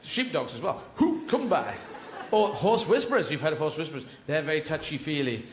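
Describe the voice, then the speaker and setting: A man's voice: on the high side, expressive, fairly quick, a little hiss or hum. A male stand-up comedian, rambling and digressive, acting out scenes in a live routine. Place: live venue with audience. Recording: roomy live venue.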